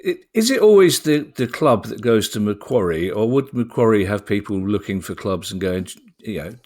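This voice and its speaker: A man with a fairly low voice hosts a chatty podcast. He keeps things light with jokes and steers the talk by asking his co-host curious questions. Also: animated, moderate pace, hardly any pauses, a little mellow. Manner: curious and joking, prompts with questions. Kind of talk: casual podcast chat.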